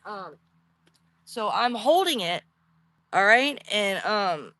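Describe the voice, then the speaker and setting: A woman's voice: medium pitch, expressive, slow, pushed and bright, no room sound. A woman telling her own spooky experience in a casual, rambling way, talking straight to her viewers. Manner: chatty, rambling, addresses viewers directly. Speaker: storyteller. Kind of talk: casual first-person storytelling.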